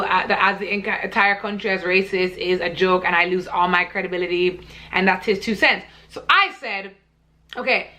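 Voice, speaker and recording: A woman's voice: medium pitch, pushed and bright. A young woman vlogger ranting to camera in a blunt, heated, profane way. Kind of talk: casual vlog rant.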